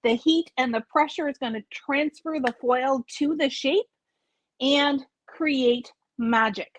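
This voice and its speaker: A woman hosts a live craft store video, walking through products in a chatty, explanatory way and pausing to correct herself. Her voice sits a little high, and the sound is dry and close. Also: no echo. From Canada.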